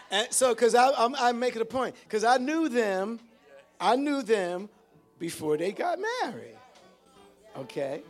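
An older man with a notably high voice delivers an animated sermon. He keeps calling out to his listeners and bursts into sudden exclamations. Faint music plays underneath. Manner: exclamatory, calls out to the congregation; lively, animated preaching with sudden shouts. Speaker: pastor.

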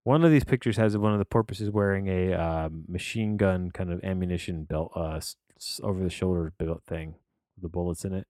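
A man's voice: low-pitched, fairly quick, darkish tone, no echo, studio quality. A man hosting a podcast, rambling through a casual film review with many restarts and fillers. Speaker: podcast host reviewing films.

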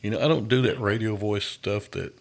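A man's voice: fairly low pitch, fairly even intonation, brisk, gravelly. A man hosting a podcast interview in an easygoing, enthusiastic way, often saying "man". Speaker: podcast host. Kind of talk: casual interview chat.

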